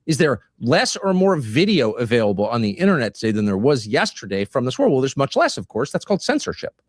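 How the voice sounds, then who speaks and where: A man giving political commentary in a measured way, posing rhetorical questions. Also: mid-range voice, big pitch swings, no room sound, studio quality. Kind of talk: played commentary clip.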